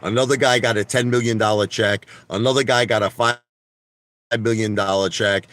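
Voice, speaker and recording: A man's voice: lowish voice, fairly even intonation, normal speed, fairly bright tone, dry recording. A man hosting a casual live stream, talking emphatically and repeating himself for effect. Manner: emphatic, repetitive, swears mildly. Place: indoors at home.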